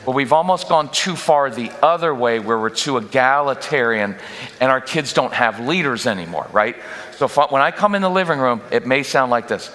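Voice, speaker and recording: A man leading a parenting workshop at a church, talking directly and conversationally with quick asides to the audience. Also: medium pitch, sharp tone. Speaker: guest speaker at a parenting workshop. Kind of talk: live workshop talk. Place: church hall. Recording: long reverb in a church hall.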